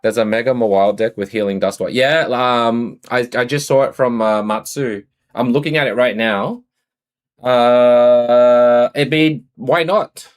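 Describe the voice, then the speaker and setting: A man's voice: medium pitch, unhurried, smooth. A man with an Australian accent chatting casually on a live stream, greeting and answering his viewers.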